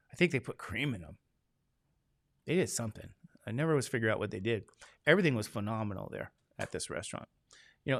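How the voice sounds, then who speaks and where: Casual male instructor, gravelly, dry close sound, joking storyteller. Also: mid-range voice, dry recording. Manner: chatty, joking storyteller, acts out quoted voices. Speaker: statistics instructor. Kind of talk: casual chat with a class.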